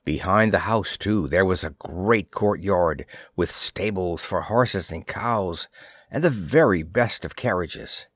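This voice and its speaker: A man reading a fairy tale aloud in a measured, expressive storytelling manner. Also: low voice, no room sound, clean studio sound. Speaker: narrator.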